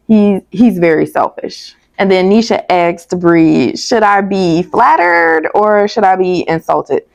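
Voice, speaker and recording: A woman's voice: low voice, creaky, darkish tone, no room sound. A woman reviewing a TV episode in casual, candid commentary, chatty and prone to tangents, on a dull lo-fi recording. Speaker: TV show reviewer.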